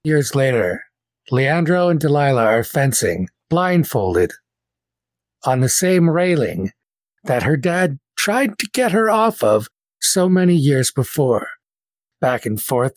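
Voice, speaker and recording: A man's voice: mid-range voice, no echo. A man narrating as game master of a tabletop game, in vivid, descriptive storytelling.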